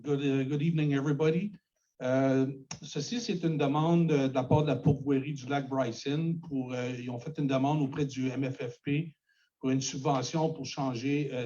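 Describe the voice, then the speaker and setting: A man's voice: mid-range voice, warm tone. Man, bilingual. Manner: switches between French and English, with frequent fillers. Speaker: council member presenting a request. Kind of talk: bilingual meeting presentation. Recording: dull lo-fi livestream audio.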